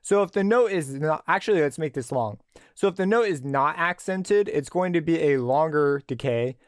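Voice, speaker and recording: A man giving a relaxed, screen-recorded tutorial on a synthesizer plugin, explaining as he tweaks settings. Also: on the high side, moderate pace, clean tone, no room sound, clean studio sound. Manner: relaxed explanatory, thinking aloud with fillers. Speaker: music production tutor.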